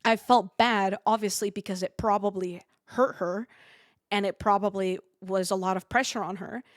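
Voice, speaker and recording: A young woman tells a long story in a casual stream, animated and rambling with lots of fillers. Her voice sits in a middle register. The sound is dry and close, with no room around it. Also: mid-range voice, normal speed, no echo.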